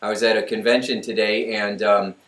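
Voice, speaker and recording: A man's voice: fairly low pitch, fairly quick. Upbeat middle-aged guy doing a pep talk, does little voices, sounds far away in a roomy space. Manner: energetic, acts out voices in stories. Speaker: host. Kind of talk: motivational talk. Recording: echoey room, mic far off.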